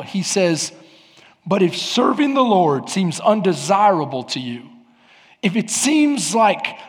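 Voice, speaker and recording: A man preaching a sermon as pastor of a church, with emphatic rises and sudden shouts. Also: high-pitched, big-room sound. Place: church sanctuary.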